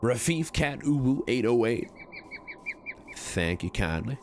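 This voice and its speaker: A man voicing a smooth-talking con man who fakes a Southern cowboy drawl, with folksy, courteous sayings in a streamed game role-play. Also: mid-range voice, sing-song, slow pace, slight background noise, pitched above the performer's own voice. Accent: put-on Southern drawl.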